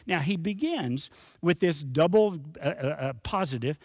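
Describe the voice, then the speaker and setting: A man's voice: on the high side, animated, unhurried, darkish tone, no room sound. A middle-aged man preaching a sermon as a pastor, earnest and conversational, repeating words for emphasis.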